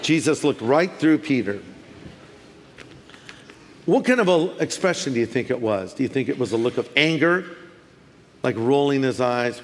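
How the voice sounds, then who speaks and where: A man from California preaching a sermon as pastor, animated and humorous, acting out voices in his stories. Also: mid-range voice, normal speed, pauses often, slight background noise. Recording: long reverb of a large hall.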